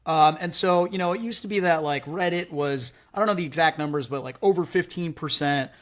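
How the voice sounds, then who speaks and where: A man's voice: fairly high pitch, brisk. A man hosting a podcast, talking casually and energetically, filling his speech with "like" and "right?". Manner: animated, heavy use of "like" and "right?". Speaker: podcast host.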